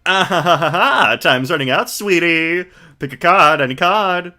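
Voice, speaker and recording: A vain, showboating stage magician croons in a raised, theatrical voice, as a male streamer hams him up. The tone is bright and drawn out, a game character who loves the sound of himself. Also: a little high, expressive, unhurried, pitched above the performer's own voice, full character voice. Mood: smarmy. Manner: theatrical, drawls "sweetie", showy.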